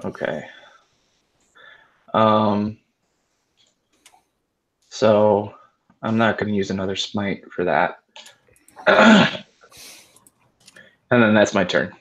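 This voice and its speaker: A man's voice: on the low side, animated, extremely slow, pauses often, fairly bright tone. A man playing a tabletop game, asking about the rules and adding up his damage. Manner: asks rules questions, tallies numbers. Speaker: player. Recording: dull lo-fi mic.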